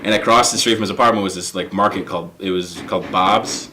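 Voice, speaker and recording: A man's voice: low voice, fairly even intonation, fast talker, pushed and bright, a little hiss or hum. A man, a guest comedian, telling stories in casual chat and laughing at his own jokes.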